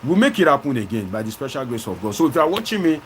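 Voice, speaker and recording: Animated Nigerian man hosting a stream. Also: medium pitch, racing, slight background noise. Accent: Nigerian English. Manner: animated, switching into Pidgin phrases. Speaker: host. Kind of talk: live-stream commentary reading viewer comments.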